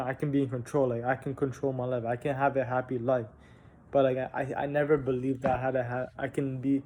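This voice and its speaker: There's slight background noise as a young vlogger with a medium-pitched, mellow voice casually relates a personal story. He's candid and halting, restarting often and using fillers and casual swearing.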